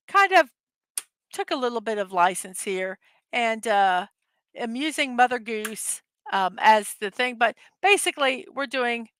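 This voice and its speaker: Her voice is a little high, sharp, clear and resonant, recorded dry. This middle-aged host of a laid-back daily morning show chats, giggles and laughs at her own jokes while reading silly memes in a livestream format.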